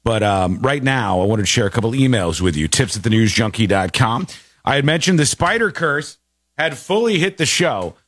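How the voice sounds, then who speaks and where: A man hosting a talk show, giving animated, opinionated commentary and laughing easily. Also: mid-range voice, normal speed, dry recording, studio quality. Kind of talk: casual commentary.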